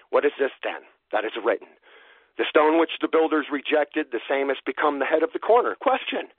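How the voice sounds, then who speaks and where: A man's voice: on the high side, dry recording. A man preaching a sermon, teaching from the Bible and driving points home by repeating phrases for emphasis. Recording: phone-like narrow sound.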